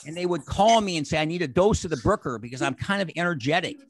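A man in his sixties giving an energetic motivational talk on a video call, acting out the exchanges he describes. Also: on the high side, fast talker, slight background noise. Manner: animated, acts out quoted exchanges. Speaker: motivational speaker.

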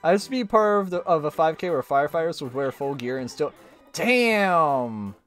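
Lively joking male streamer. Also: on the high side, normal speed. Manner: joking, laughs often, mock British voice. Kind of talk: casual chat over a party game. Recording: faint music behind.

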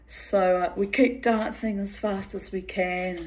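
A woman's voice: mid-range voice, fairly even intonation, unhurried, a little mellow. A woman telling a personal story in a casual way, laughing often and swearing freely.

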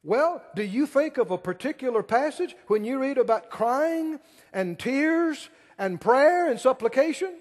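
A male pastor preaches with a high, swooping voice that rises and falls dramatically. He takes his time and stretches out key words, throwing questions at the congregation. The sound carries a long echo from a large hall. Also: lively intonation, unhurried, darkish tone. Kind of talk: sermon.

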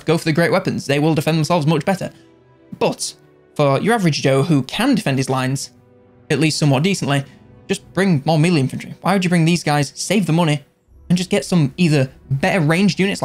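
A man giving casual, jokey video game commentary, rambling and correcting himself along the way. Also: fairly high pitch.

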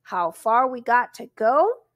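A woman's voice: on the high side, sing-song, slow pace, no echo, lo-fi sound, full character voice. Woman doing a folksy grumbling rural constable. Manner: folksy drawl, loud and suspicious. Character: chatty grumbling rural male constable, middle-aged.

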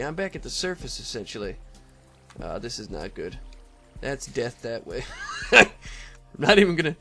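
A man's voice: fairly high pitch, sharp tone. A man giving casual, rambling commentary over his own gameplay, talking to the monsters and often laughing. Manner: rambling, talks to mobs, frequent laughs and throat clearing. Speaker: Let's Play gamer.

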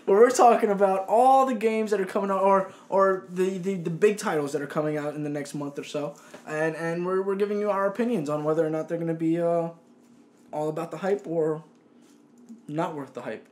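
A man's voice: high voice, steady tone, fairly quick, a little mellow. Rambling male host of a gaming chat. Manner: rambling, repeats words and restarts.

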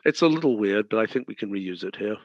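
A man's voice: lowish voice, animated, quick pace, no echo, lo-fi sound. A man running a live working design meeting, thinking aloud in a direct, decisive way. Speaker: company head leading a design meeting.

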